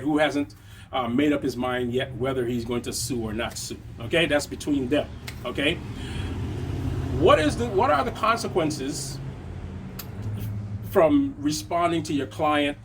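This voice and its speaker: A business coach with a fairly high voice, recorded with slight hiss or hum, gives a conversational motivational lesson on business. He checks in constantly with tag questions.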